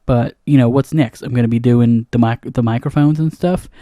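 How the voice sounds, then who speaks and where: A man's voice: medium pitch, steady tone, moderate pace, mellow, dry recording. A man hosting a comedy podcast, ranting in a flustered, rambling monologue full of restarts, recorded in a studio booth on a studio microphone. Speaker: comedy podcast host playing a janitor.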